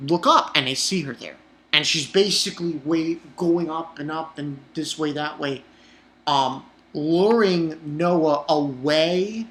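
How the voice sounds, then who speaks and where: A man's voice: fairly high pitch, a bit bright. Rambling, foul-mouthed young man recapping. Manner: profane, rambling with many restarts and fillers. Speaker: anime episode reviewer. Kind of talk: casual rambling episode recap.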